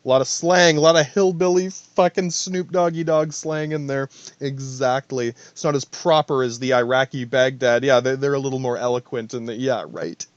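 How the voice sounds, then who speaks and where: A man's voice: medium pitch, steady tone, moderate pace, dry recording, highs cut off. A man hosting a podcast alone, rambling in a profane, stream-of-thought monologue full of asides. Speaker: podcast host.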